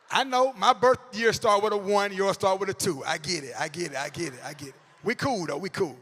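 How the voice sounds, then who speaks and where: A man, telling comedic stories to educators in an animated way, with bursts of shouting and acted-out quotes. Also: high voice, brisk, big-room sound. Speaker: motivational comedic speaker. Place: large hall before a live audience.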